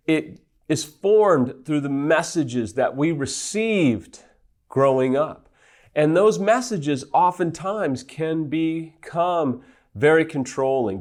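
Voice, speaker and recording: A man's voice: medium pitch, a little mellow. A man giving an earnest teaching talk as a recovery counselor, stressing his points in lists. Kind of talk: teaching monologue.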